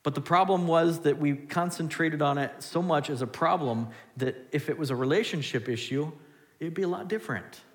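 A man preaching a sermon as pastor, animated, swinging between loud and hushed. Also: on the high side, moderate pace. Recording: long hall reverb.

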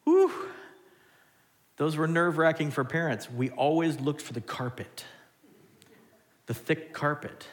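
A man preaching a sermon as pastor, animated, swinging between loud and hushed. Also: fairly high pitch, measured pace, long pauses. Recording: long hall reverb.

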